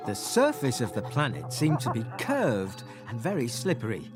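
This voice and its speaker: A narrator telling an expressive scripted story for young children. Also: mid-range voice, moderate pace. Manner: expressive, bouncy. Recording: music playing behind.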